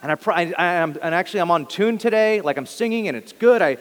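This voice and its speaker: A man's voice: high-pitched, expressive, fast, in a large hall. A man voicing a vain male worshipper who gushes about himself. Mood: boastful. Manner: boastful, gushing, self-absorbed. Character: smug self-praising male worshipper, vain.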